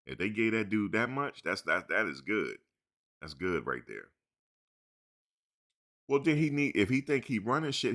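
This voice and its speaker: A man with a low-pitched voice and a bright, forceful edge hosts a casual live chat. He talks loose and animated, heavy with slang and "dude", like he's chatting with friends. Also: moderate pace, long pauses. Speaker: live stream host.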